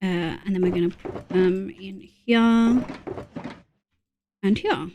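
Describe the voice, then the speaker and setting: A woman's voice: mid-range voice, takes it slowly, warm tone, slight background noise. A woman from Australia streaming a game, counting items under her breath between chatty asides to her viewers. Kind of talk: casual gameplay chat with chat readers.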